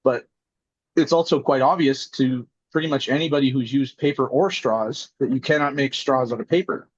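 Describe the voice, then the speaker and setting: A man from Alberta, a podcast guest, telling his side in a steady, wry way. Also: medium pitch, normal speed, breathy edge, dry recording, dull audio. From Alberta, Canada. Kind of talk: casual podcast conversation.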